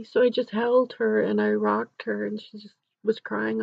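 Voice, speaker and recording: A woman's voice: a little high, flat delivery, moderate pace, gravelly, hardly any pauses, no room sound. A woman counselor earnestly telling a story about helping a grieving child, in an instructional video. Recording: dull, dry recording.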